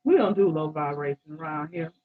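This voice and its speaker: A woman giving a live tarot reading, animated, exclaiming and repeating phrases to her listeners. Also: low voice, a little fast. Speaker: tarot reader. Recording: dull lo-fi sound.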